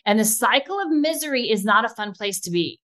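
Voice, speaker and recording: A woman co-hosting a podcast, talking fast and enthusiastically in a casual chat. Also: on the high side, animated, sharp tone. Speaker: podcast co-host.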